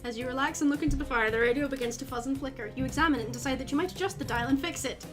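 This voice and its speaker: A woman's voice: sits high, very fast. A woman streamer reading a dating game's narration aloud. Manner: storytelling narration. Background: game music.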